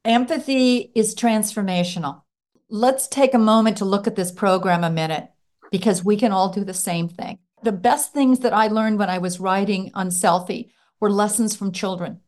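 A middle-aged woman who used to teach, a guest on a podcast interview, telling stories in a lively way and acting out what children said. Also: mid-range voice, normal speed. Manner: animated storyteller acting out children's voices. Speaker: guest author and former teacher.

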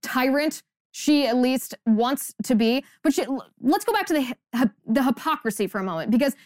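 A woman's voice: high-pitched, expressive, moderate pace, darkish tone, dry recording, clean studio sound. A woman hosting a podcast, delivering an emphatic, indignant and sarcastic political commentary monologue. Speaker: podcast host.

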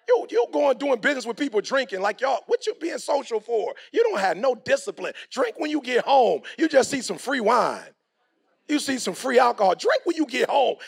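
A middle-aged man with a gravelly, husky voice delivers a motivational talk. He swings his pitch widely, and his voice sits high for a man. His delivery is preachy and full of slang. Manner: preachy, animated, slangy, acts out quoted people. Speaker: motivational speaker. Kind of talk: motivational speech.

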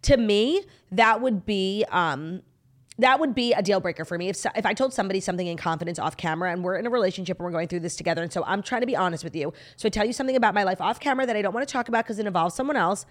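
A woman co-host chats in quick, animated bursts and leans hard on key words. Her pitch sits mid-range and her pace runs fast. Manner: animated, emphatic, quick asides. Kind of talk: casual chat about reality TV.

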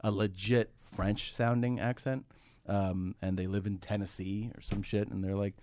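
A man's voice: on the low side, level tone, normal speed, a little mellow, clean tone, no echo. A man, a comedian, telling stories in a casual podcast studio chat, swearing freely and laughing as he goes. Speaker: comedian guest. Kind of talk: casual storytelling conversation.

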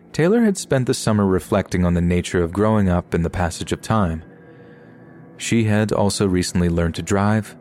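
A man reading scary stories aloud as a scripted narration, in a steady storytelling delivery. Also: sits low, slight background noise. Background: faint background music.

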